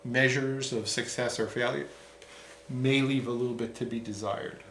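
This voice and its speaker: A man's voice: mid-range voice, steady tone, normal speed, fairly bright tone, a little hiss or hum. Rambling man chatting in an echoey room. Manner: rambling, self-interrupting, chuckles often. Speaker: podcast co-host. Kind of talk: casual chat.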